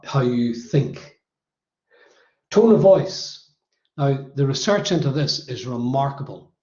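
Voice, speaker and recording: A man's voice: mid-range voice, darkish tone. A man with a Northern Irish accent giving a motivational workshop talk, emphatically counting off his points one by one. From Northern Ireland. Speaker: workshop presenter. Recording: roomy, slightly dull recording.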